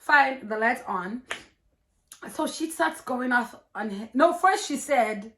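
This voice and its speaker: A young woman vlogger telling a personal story in an animated, profane, laughing way. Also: high-pitched, slow. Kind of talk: storytime vlog.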